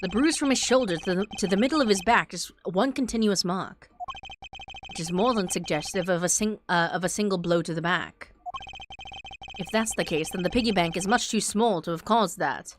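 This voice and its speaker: A woman voicing a calm, pompous male prosecutor who lays out deductions in a measured, deliberate way. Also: fairly low pitch, background noise, natural voice.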